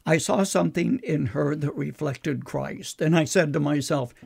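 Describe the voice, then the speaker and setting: Older man, preacher, earnest measured storyteller, gravelly, slightly high voice. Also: a little mellow. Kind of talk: recounting a personal story.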